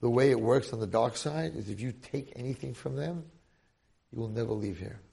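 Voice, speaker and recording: A man's gravelly storytelling voice turns into a frightened young wife giving urgent warnings. It sits quieter and slightly lower than his usual talk. The words come close and secretive. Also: normal speed.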